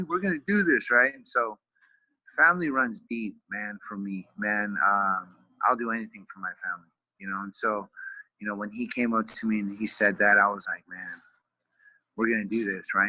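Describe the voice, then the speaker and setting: A man's voice: on the low side, sharp tone, dry recording, rough recording. A middle-aged man from California, a retired fighter and wrestling coach, earnestly telling a family story in a casual interview, full of fillers and repeated words.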